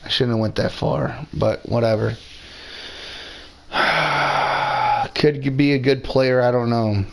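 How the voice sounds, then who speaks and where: This gamer talks slowly with vocal fry and a steady, medium-pitched tone, swearing and rambling in a relaxed way as he drinks beer through his stream. He's had several already.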